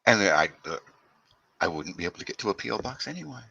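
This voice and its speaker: A man with a very deep voice, chatting on a livestream over a video call. He swings widely in pitch and has a bright, sharp edge, with dry, wry jokes and casual swearing. The sound is close and dry. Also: very animated, fast talker, vocal fry, breathy edge, no echo, highs cut off. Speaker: livestream guest.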